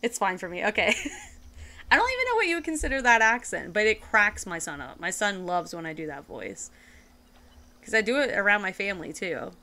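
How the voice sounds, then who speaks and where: A woman's voice: medium pitch, big pitch swings, fairly quick, sharp tone. A woman streamer chatting casually while she plays a game, giggling often and sometimes slipping into a playful put-on accent-like voice. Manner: talks to chat and other players while playing. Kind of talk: casual live gaming chat.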